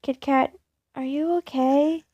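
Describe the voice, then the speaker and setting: A woman's voice: sits high, steady tone, slow, no room sound, lo-fi sound. A woman voicing a worried little boy. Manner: soft and concerned.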